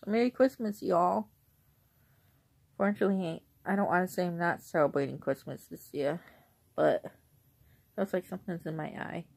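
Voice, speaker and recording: A young woman vlogging in a casual, rambling way, who often clears her throat. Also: lowish voice, a little mellow. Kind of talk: casual chat.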